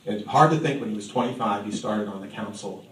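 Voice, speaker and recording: A man's voice: on the low side, slight background noise. A man, a mayor, giving a tribute speech with lots of ums and self-deprecating humor. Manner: halting, filler-heavy, self-deprecating humor. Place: banquet hall. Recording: echoey hall from far off.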